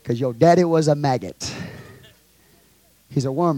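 High-voiced preaching Texan pastor. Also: male voice, a little slow, pauses often, no echo. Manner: preaching with rising shouts and asides to the congregation. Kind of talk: sermon. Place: church.

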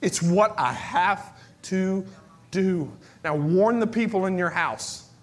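In a high voice and at a slow pace, a pastor preaches a sermon. He swings from near-whispers to shouted cries, repeating phrases for emphasis.

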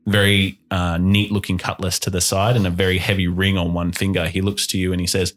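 A man's voice: low-pitched, flat delivery, fairly quick, hardly any pauses, a bit bright. A man narrating as game master in a tabletop game, describing scenes at length with fillers.

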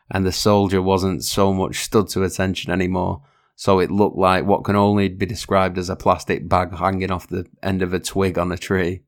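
A young man telling a personal story, blunt and sweary, chuckling now and then as he goes. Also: sits low. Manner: blunt, swears freely, chuckles mid-sentence. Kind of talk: storytelling monologue.

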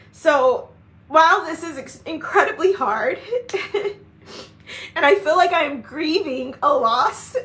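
A woman's voice: sits high, a bit bright. A middle-aged woman speaking in a heartfelt personal vlog, earnest and repeating phrases for emphasis. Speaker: leader of a women's community. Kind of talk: personal faith vlog monologue.

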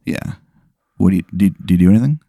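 A man hosting a podcast, spinning an improvised comic story in a loose, animated way, full of "like" and swearing. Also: low voice, quick pace, gravelly, dry recording, studio quality. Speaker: podcast host.

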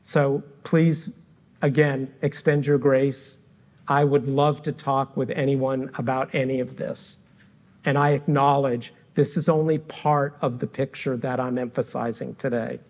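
A middle-aged man preaching a sermon as pastor, speaking earnestly and deliberately with frequent pauses between phrases. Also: medium pitch, level tone, a little mellow. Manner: earnest and reflective.

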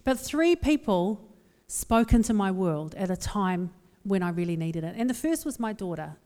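A woman with a New Zealand accent speaks to a live audience, candidly and humorously telling stories that make fun of herself. Her medium-pitched voice is sing-song and dark-toned at a moderate pace, heard through long hall reverb.

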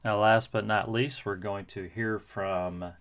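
A man's voice: fairly low pitch, fairly even intonation, slow pace, fairly bright tone. A man hosting a podcast, commenting casually with frequent hesitations. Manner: hesitant, many fillers. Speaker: podcast host.

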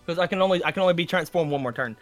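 A man's voice: on the high side, racing, soft background music. A man playing a tabletop game, chatty and joking, who repeats words while he thinks. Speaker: player. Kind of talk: casual tabletop play.

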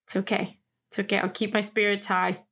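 A woman's voice: medium pitch, flat delivery, brisk, gravelly, a bit bright. A woman competing in a trivia game with friends, self-deprecating and giggly. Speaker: quiz contestant. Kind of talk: casual chat.

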